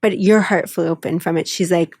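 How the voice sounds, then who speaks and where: A woman co-hosting a podcast, chatting in a casual, heartfelt and effusive way, often quoting friends in a lively voice. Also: on the low side, fairly quick, creaky, dry recording, studio quality. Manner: effusive, emotional, quotes others in lively voices. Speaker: podcast co-host.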